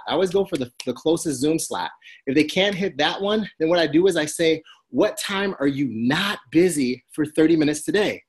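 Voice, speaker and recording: Energetic man coaching on phone invites. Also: high-pitched. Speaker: network marketing trainer. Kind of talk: motivational training talk. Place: at home.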